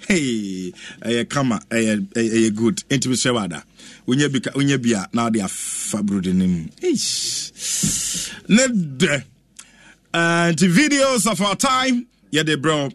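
Man, Ghanaian accent, radio presenter, animated, exclaiming, fairly high voice, dry studio. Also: dry recording. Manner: animated, exclaims and chants, mixes English with Twi. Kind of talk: lively radio chat reacting to videos.

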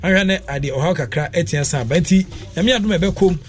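A man's voice: sits high, quick pace. A man with a Ghanaian accent presenting a sports radio show, rambling and mixing in many fillers. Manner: rambling, switches between Twi and English with many fillers. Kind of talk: casual sports radio talk.

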